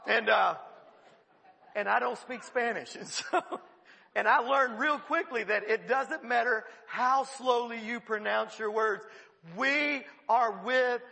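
A man preaching a sermon, telling a funny story in an animated way and often laughing mid-sentence. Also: extremely high pitch, takes it slowly, vocal fry, big-room sound. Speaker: pastor.

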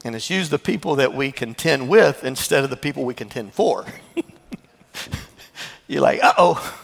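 A man, the pastor, preaching a sermon in an animated way, laughing and breaking into asides. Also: medium pitch, fast talker, gravelly, long reverb tail.

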